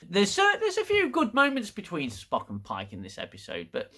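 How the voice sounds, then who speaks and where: A man's voice: mid-range voice, wildly swooping pitch, normal speed, hardly any pauses, pushed and bright. A man giving a casual, rambling TV episode review, frustrated and blunt, with frequent restarts.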